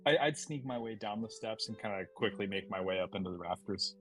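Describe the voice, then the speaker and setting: A man's voice: lowish voice, a little fast, music in the background, poor audio. A man playing in a tabletop game, describing his actions hesitantly with many fillers. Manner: hesitant, full of likes and ums. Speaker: player.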